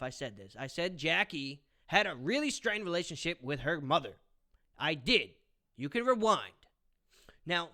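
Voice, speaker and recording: A man's voice: fairly high pitch, sharp tone. A young man ranting profanely about a movie review in a combative vlog, swinging between mutters and outbursts. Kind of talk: ranting commentary.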